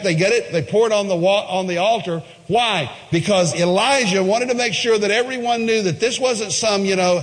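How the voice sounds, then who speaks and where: A man preaching a sermon, retelling a Bible story with lively acted-out quotes and shifting emphasis. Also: high-pitched, in a large hall. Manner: animated preaching, acts out voices in Bible quotes. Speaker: pastor.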